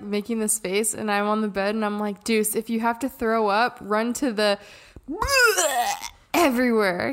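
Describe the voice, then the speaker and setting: A woman in her thirties, co-hosting a podcast, telling a family story in a lively way, laughing often and jumping in to finish her partner's sentences. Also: fairly high pitch. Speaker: podcast co-host. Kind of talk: casual storytelling.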